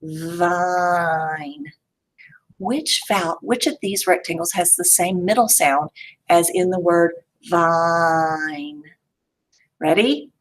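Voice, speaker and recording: A woman teacher leading a young children's phonics lesson, sounding out words slowly and playfully. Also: lowish voice. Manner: slow, exaggerated sounding-out with playful reveals. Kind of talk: early-grade phonics lesson.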